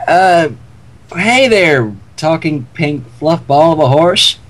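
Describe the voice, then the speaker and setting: A man's voice: a little high, animated, takes it slowly, fairly bright tone. A man voicing a brash, crude redneck man who cracks rude jokes. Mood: rowdy.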